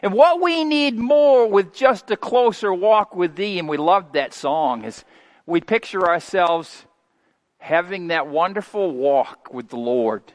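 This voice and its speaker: Folksy preacher in his fifties, high voice. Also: expressive, unhurried. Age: 50s. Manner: swings from quiet asides to loud preaching; folksy, homespun asides. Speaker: pastor. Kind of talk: sermon. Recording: long hall reverb.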